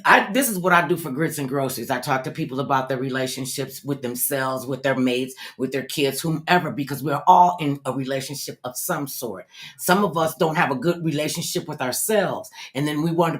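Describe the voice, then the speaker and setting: Older female talk host, animated and chatty, tells stories. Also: low-pitched. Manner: animated, storytelling, acts out other people's voices. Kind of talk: lively interview chat.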